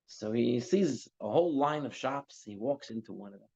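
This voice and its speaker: A man teaching a religious class, telling a parable with lively, acted-out dialogue before drawing the lesson. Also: mid-range voice, moderate pace, gravelly, slightly rough. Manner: animated storytelling, acting out characters' lines. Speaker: teacher giving a Torah class. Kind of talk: storytelling sermon. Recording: dull lo-fi class recording.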